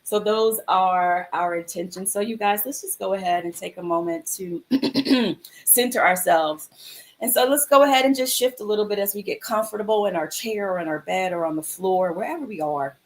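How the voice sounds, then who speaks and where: A woman's voice: medium pitch, normal speed. A woman hosting a livestream mindfulness show, chatting casually with viewers in an affectionate, encouraging way. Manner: affectionate, encouraging, calls viewers "my love" and "sis".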